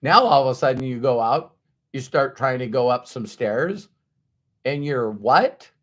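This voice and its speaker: A man's voice: mid-range voice, normal speed, fairly bright tone. A man giving a conversational motivational talk who acts out the voices of doubters. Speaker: motivational speaker.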